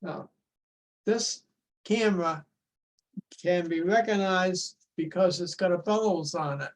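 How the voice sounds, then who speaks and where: An older man, his voice sitting high for a man, tells a folksy story full of restarts. He is heard over a video call. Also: slow. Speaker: show-and-tell presenter.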